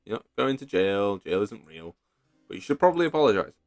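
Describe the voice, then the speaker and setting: A man voicing a frog detective in his own everyday voice, matter-of-fact and deadpan. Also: fairly low pitch, a little fast, no room sound, soft background music. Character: dry, no-nonsense frog detective. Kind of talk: voice acting while playing a game.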